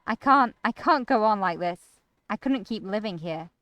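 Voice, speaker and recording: A woman's voice: mid-range voice, lively intonation, moderate pace, a bit bright, no echo, lightly acted. A woman reading the part of a troubled young man with lost memories, hesitant and uneasy as she narrates in his first person. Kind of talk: reading a visual novel aloud.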